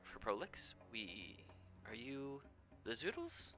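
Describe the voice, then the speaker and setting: A man voicing an overexcited, friendly goblin scholar who gushes rapid-fire greetings. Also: medium pitch, sing-song, pushed and bright, faint music behind, full character voice. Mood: eager.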